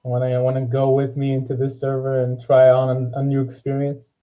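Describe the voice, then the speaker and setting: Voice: mid-range voice, monotone, fairly quick, dark tone. A person on a voice chat, cracking jokes and teasing the others. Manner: joking, teasing banter. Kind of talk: casual voice chat.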